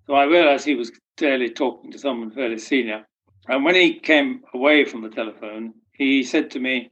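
An older man tells stories in an interview, and his delivery has a dry, wry humor. His voice sits at a middling pitch. The recording is dull and lo-fi. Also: normal speed, fairly bright tone. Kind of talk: storytelling anecdotes.

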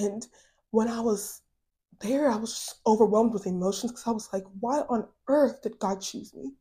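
A woman's voice: on the high side, moderate pace, mellow. A woman hosting a podcast, telling her personal faith testimony in a casual, earnest way with many fillers. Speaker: podcast host.

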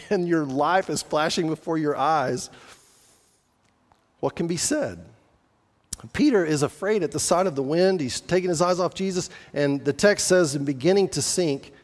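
Earnest man preaching in a reverberant hall. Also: a little high. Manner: conversational, earnest, asks the listeners questions. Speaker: pastor. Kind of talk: sermon.

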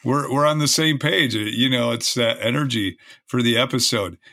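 A man co-hosts a podcast in a bright, forward voice that sounds close and dry with no room sound. He talks in a chatty, teasing way. His pitch sits in a middle range for a man. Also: moderate pace, dry recording. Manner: teasing, chatty, talks through sports trivia. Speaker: podcast co-host. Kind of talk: casual podcast chat.

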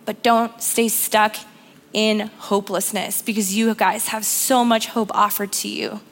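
A woman's voice: mid-range voice, flat delivery, unhurried, vocal fry. A young woman giving an earnest, encouraging sermon in church, repeating phrases for emphasis. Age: young adult. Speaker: youth speaker giving the sermon.

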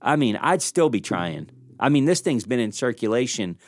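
A man hosting a leadership podcast, telling stories in an animated, self-deprecating way and acting out the lines he quotes, on a studio microphone. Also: mid-range voice, moderate pace, no echo. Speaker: podcast host. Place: small studio room.

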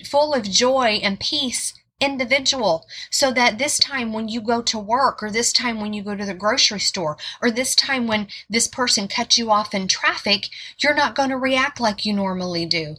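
Earnest husky-voiced woman preaching. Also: fairly high pitch, normal speed, few pauses, bright, forceful tone. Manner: earnest, repeats words for emphasis. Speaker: Bible teacher. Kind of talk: informal sermon.

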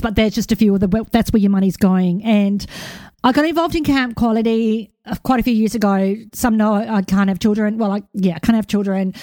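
An Australian woman in her forties hosts a podcast, delivering a casual monologue in a rambling, emotional, self-correcting way, a bit hyper after a walk. Her voice is on the high side and mellow, with clean, echo-free studio quality.

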